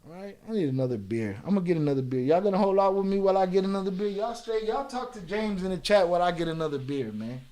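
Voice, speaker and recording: A man hosts his own live reaction stream, his voice sitting a little higher than most men's. He swings from laid-back explaining, full of "you know," to profane, heated comebacks at viewers in the chat. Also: lively intonation, quick pace, hardly any pauses, dark tone. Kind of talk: casual live-stream chat, reading and answering viewer comments.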